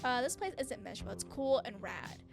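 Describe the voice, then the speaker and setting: A woman's voice: fairly high pitch, very animated, fairly quick, gravelly. A woman hosting a let's play, joking anxiously as she plays and reacts. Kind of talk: casual gameplay commentary. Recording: game music behind.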